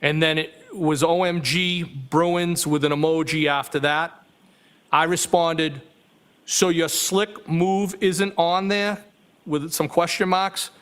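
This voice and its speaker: A male courtroom witness reads text messages aloud in a flat, measured manner, making small self-corrections. His voice is smooth and on the high side.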